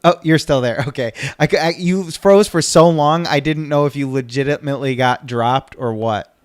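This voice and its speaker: A man's voice: on the high side, moderate pace, dry recording, clean studio sound. A man in his thirties co-hosting a casual podcast from home, rambling and cutting himself off, cursing when flustered. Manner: rambling, self-interrupting, swears when flustered. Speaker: podcast co-host.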